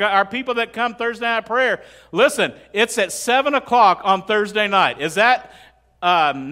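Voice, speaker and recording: High-voiced, bright preacher man. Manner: conversational, humorous, acts out quoted prayers. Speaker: pastor. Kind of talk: sermon.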